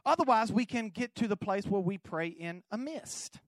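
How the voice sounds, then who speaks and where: A male pastor preaching a sermon, moving from quiet storytelling to exuberant shouting. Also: sits high, lively intonation, normal speed, no room sound.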